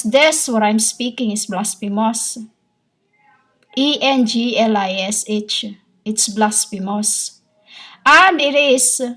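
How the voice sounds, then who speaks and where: A woman giving a rambling spiritual monologue as a self-styled prophetess, halting, full of pauses and repeated phrases, in an insistent, lecturing tone. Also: fairly high pitch.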